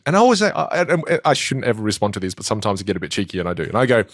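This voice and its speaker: Fast, animated man coaching on communication. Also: on the low side, no room sound, clean studio sound. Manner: animated, acts out quoted voices. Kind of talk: podcast conversation.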